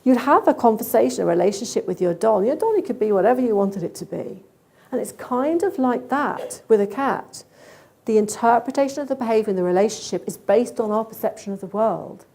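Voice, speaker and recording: A woman speaks at a conference in a mellow, warm voice. She talks in a lively, expressive way and often acts out what an animal might be thinking. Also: on the high side, a little fast, creaky, husky. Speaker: conference speaker on cat behaviour. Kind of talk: conference talk.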